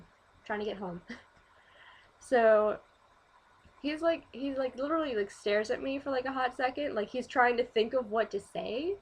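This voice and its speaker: A young woman vlogs straight to her camera, talking through her week in a loose, animated way. Her voice sits a little high, and she fills every pause with "like" and the odd swear word. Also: slightly rough. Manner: animated, swears freely, heavy use of "like". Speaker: vlogger. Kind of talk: casual storytelling vlog.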